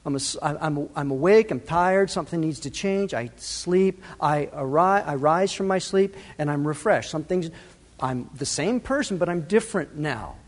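A man preaching a sermon as pastor, lively and direct, speaking to the congregation and to the children in it. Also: fairly high pitch, moderate pace. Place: church sanctuary. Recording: long reverb of a large hall.

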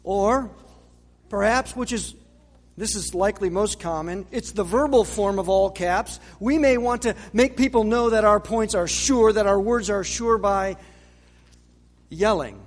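A man preaching a sermon in a measured way, with dramatic pauses and rhetorical questions. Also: high voice. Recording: long reverb of a large hall.

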